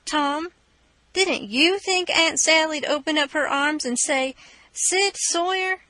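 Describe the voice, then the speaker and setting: A woman's voice: high voice, slow, pushed and bright, no room sound, pitched above the performer's own voice, heavily acted. A woman reading an audiobook, voicing a cheeky boy who plays innocent in a mock-humble, sly pleading tone.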